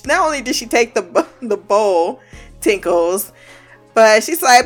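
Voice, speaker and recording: A woman's voice: fairly high pitch, very animated, slow pace, faint music behind. A woman giving a casual recap of a TV episode, blunt and profane with a joking edge.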